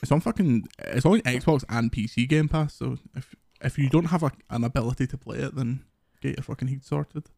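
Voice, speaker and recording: A Scottish man hosting a podcast, telling lively, sweary stories in casual chat. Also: mid-range voice, a little fast, creaky, dry recording, clean studio sound. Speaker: podcast host.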